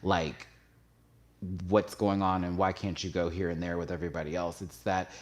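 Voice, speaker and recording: Host, male, low voice, candid confessional talk that swells with emotion. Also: little pitch movement, normal speed. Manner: emotional, confessional, hesitant with restarts; gets louder and higher when stirred. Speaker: YouTube show host. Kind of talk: candid personal talk to viewers.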